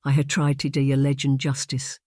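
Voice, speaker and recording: A proud young Highland warrior with a Scottish accent, as an audiobook narrator puts him on. He is a man who speaks with hot-headed defiance in a dry, close storybook reading. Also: completely flat delivery, fairly quick, a little mellow, no echo, close to an everyday voice. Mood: impassioned. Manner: impassioned, defiant.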